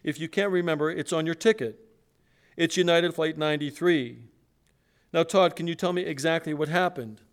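A preacher reading a calm woman phone operator. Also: a little high, normal speed, pitched above the performer's own voice, close to an everyday voice. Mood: questioning. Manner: steady, questioning, raised read-aloud delivery.

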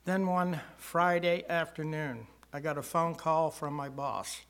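A man's voice: a little high, fairly even intonation, a bit bright, smooth. An older man telling his personal testimony to a church congregation, earnest and rising to emphasis at key moments. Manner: slow, earnest storytelling with swells of emphasis. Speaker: church member giving testimony.

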